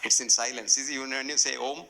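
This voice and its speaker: A man's voice: mid-range voice, steady tone, a little fast, creaky, sharp tone, slight background noise. A man with an Indian English accent giving a public lecture, a humorous, self-deprecating storyteller in a hotel function hall. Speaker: guest lecturer.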